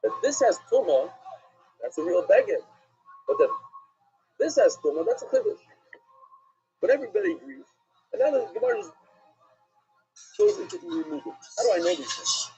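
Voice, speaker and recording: A man, a rabbi, giving an animated Talmud class lecture, asking and answering questions with emphasis. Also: high voice, normal speed, pauses often. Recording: dull lo-fi recording with faint music.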